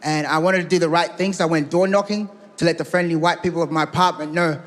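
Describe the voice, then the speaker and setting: A man's voice: fairly high pitch, fairly even intonation, fast, fairly bright tone. A man doing stand-up comedy in a live venue, telling punchy stories and acting out the dialogue. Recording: live hall reverb with crowd.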